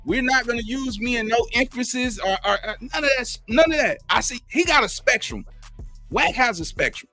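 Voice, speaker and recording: Brief: male commentator, high voice, animated street-slang reaction over faint hip hop. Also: fairly quick, soft background music. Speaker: commentary host.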